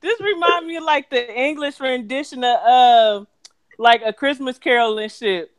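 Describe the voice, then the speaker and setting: A woman's voice: sits high, moderate pace, no echo. A woman chatting about a reality show, amused and mock-dramatic. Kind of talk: casual reality-TV recap chat.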